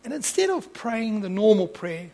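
A man preaching, telling a story and acting out its dialogue, moving between soft asides and loud impassioned peaks. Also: high voice, very animated, moderate pace, vocal fry, low-quality recording. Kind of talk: storytelling sermon.

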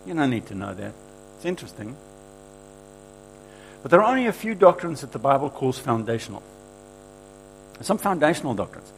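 A man's voice: medium pitch, sing-song, a little fast, gravelly, long pauses, a little hiss or hum, rough recording. A man preaching a sermon, emphatic and repetitive, quoting scripture with rising force and asking the room for agreement.

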